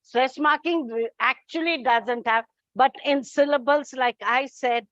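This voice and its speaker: Woman teacher, high voice, unhurried explanations, dull lo-fi recording. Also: fairly bright tone, no echo. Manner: slow, deliberate explaining with spelled-out examples. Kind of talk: classroom English lesson. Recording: dull lo-fi sound.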